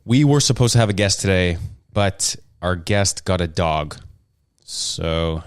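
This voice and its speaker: A young man with a low voice hosts a casual podcast, rambling along and poking fun at himself. The sound is dry and close. He talks loosely and jokes often. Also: a little slow, clear, resonant tone, no room sound. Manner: rambling, jokey and self-deprecating. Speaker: podcast host. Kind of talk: casual solo podcast chat.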